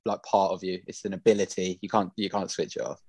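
A man's voice: sits low, fairly even intonation, fast, a little mellow, slightly rough, no room sound. A man co-hosting a casual podcast, joking, swearing and laughing with friends. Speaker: podcast co-host. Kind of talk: casual banter.

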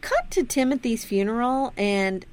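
A woman's voice: on the high side, measured pace. A woman co-hosting a casual podcast, recapping a TV episode with laughter, swearing and acted-out quotes. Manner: animated, laughing, acts out quotes. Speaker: podcast co-host.

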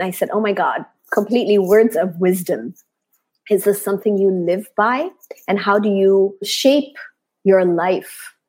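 A woman hosts an interview. She asks measured questions and warmly affirms what her guest shares. Her tone stays thoughtful and steady. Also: medium pitch, slightly rough. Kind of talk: casual conversational interview.

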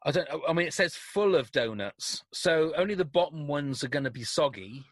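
A man's voice: fairly high pitch, lively intonation, moderate pace, dry recording. A British man co-hosting a radio show, reading listener questions and rambling through them with self-corrections and chuckles. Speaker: radio co-host.

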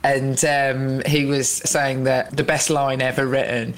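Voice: medium pitch, little pitch movement, a little slow. A podcast host reflecting aloud in a rambling, appreciative way during an interview. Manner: musing, rambling, warmly appreciative.

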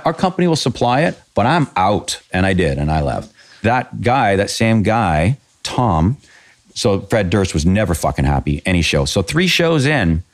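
A man with a fairly low voice, a pyro designer talking as a guest. He tells his story bluntly and with energy and swears freely, and he acts out both sides of the arguments. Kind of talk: casual storytelling interview.

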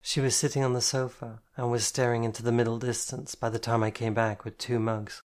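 A man reading a novel aloud in the first person, in a plain, steady storytelling voice. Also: mid-range voice, fairly quick. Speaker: audiobook narrator.

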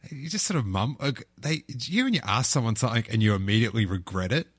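A man's voice: mid-range voice, lively intonation, breathy edge, dry recording. Podcast host, man, chatty, stumbles and restarts, dry room. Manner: halting, restarts a lot, laughs easily. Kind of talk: casual chat.

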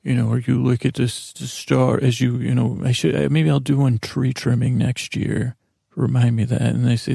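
A man in his forties with a deeply gravelly, mellow voice drifts through a rambling bedtime monologue, stammering and restarting often. His delivery stays flat and drowsy, with a deadpan calm. The sound is dry and close. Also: normal speed, no room sound. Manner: meandering, stammering, with many restarts. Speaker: podcast host.

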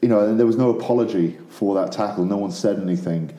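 A man with a very low, mellow voice chats casually as a podcast co-host. He rambles and uses lots of fillers. The sound is roomy and echoey. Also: fast talker. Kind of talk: casual chat. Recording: echoey room.

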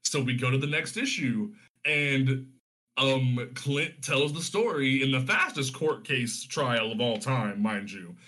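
A man retelling a comic storyline in casual chat, animated and full of profanity. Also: mid-range voice, a little slow.

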